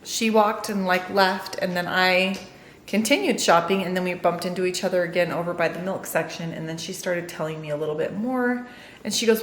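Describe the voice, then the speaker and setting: A woman's voice: on the low side, fairly even intonation, fairly quick. Chatty middle-aged woman in a roomy space. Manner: chatty, rambling, with many fillers. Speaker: family vlogger. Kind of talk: casual storytelling to camera. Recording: roomy sound with faint noise.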